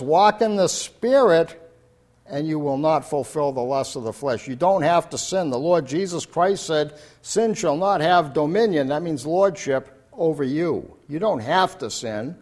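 A man's voice: a little high, expressive, measured pace, darkish tone. Earnest older man preaching a sermon. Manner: earnest, repetitive, rising to emphatic declarations.

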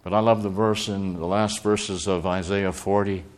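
Earnest male preacher with a low voice. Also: fairly even intonation, normal speed. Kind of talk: sermon.

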